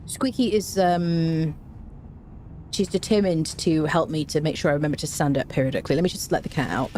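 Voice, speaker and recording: A woman's voice: deep voice, a little fast, darkish tone, slight background noise. A woman giving casual, wry commentary while playing a game and chatting to her cat. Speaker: gaming streamer.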